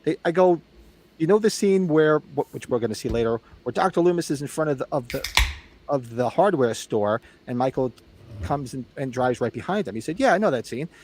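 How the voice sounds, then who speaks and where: A man's voice: mid-range voice, expressive, brisk, a little mellow, slight background noise. A middle-aged man hosting a live movie watch-along, telling stories and acting out the people in them. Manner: chatty storyteller, acts out quoted exchanges. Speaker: host.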